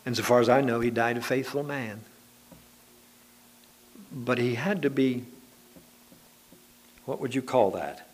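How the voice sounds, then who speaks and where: A man's voice: mid-range voice, measured pace, long pauses. A man preaching a sermon to his congregation, telling homely anecdotes in a conversational, folksy way.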